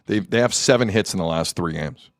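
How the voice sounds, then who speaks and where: A man hosting a sports talk show, excitable, jumping between shouting and low muttering. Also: a little fast, no room sound, studio quality.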